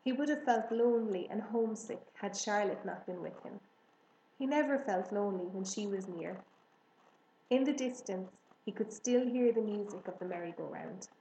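A woman narrating a children's storybook in a measured, gentle manner. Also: medium pitch. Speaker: audiobook reader. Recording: roomy echo, faint hiss.

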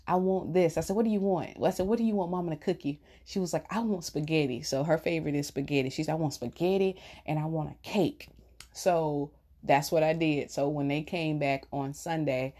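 A middle-aged woman chatting casually to viewers, telling stories with laughter. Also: low-pitched. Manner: chatty, warm storytelling with laughs. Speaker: vlogger.

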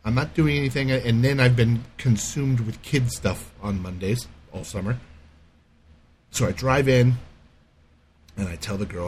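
A middle-aged man in casual podcast chat, telling a profane, animated rant. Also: medium pitch, moderate pace, slight background noise. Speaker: podcast co-host.

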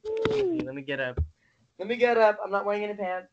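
A young adult on a webcam video call, ranting and swearing constantly, bursting into shouts and cry-like laughter. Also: medium pitch, big pitch swings, quick pace, dull audio, background noise. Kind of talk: casual profane rant.

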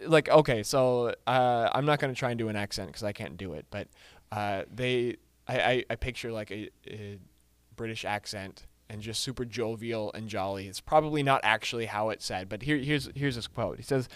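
A man's voice: fairly low pitch, normal speed, smooth, no echo. Guy leading a small group talk, lots of "you know" and "uh", dry close sound. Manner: many fillers, asks the group questions. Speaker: discussion group leader. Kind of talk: casual book discussion, teaching.

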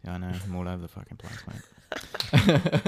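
This is a relaxed podcast host, a man with a mixed British and South African accent, talking low and deep. His voice carries plenty of gravelly fry, and he chats easily and laughs often. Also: very fast. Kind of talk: casual chat.

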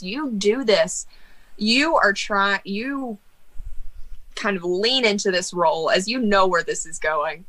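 A woman leads a tabletop game as game master, describing the scene with lively energy. Her voice has a bright, forward tone, and she talks casually, laughing and swearing now and then. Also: mid-range voice, poor audio.

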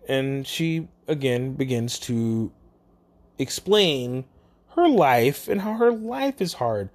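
Animated vlogger, parent, casual storyteller; mutters then exclaims, middle-pitched and very lively. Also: measured pace. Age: adult, parent.

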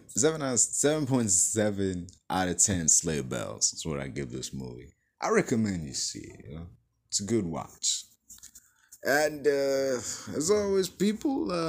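Deep-voiced excitable man reviewing a movie. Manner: excitable, profane, full of "like" and "you know". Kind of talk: casual spoken movie review.

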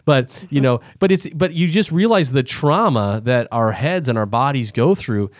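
A man's voice: mid-range voice, animated, moderate pace, dry recording, studio quality. A man from the US Midwest hosting a podcast interview, thinking aloud in long rambling sentences full of restarts. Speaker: podcast host. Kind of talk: casual interview chat.

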